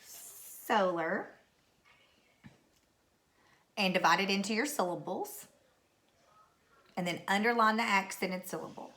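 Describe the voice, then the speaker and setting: A woman's voice: medium pitch, slow, long pauses, sharp tone. A woman teacher giving a recorded phonics lesson to young pupils, patiently repeating each word. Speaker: third grade teacher.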